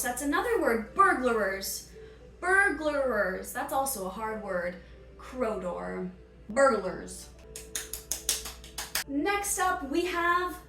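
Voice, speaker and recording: A woman's voice: high voice, a bit bright, distant mic. A woman doing a comic skit as a teacher, punning on names and scolding her pretend class in a playful, mock-stern way. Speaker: sketch comedian playing a teacher. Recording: echoey room, off mic, faint music.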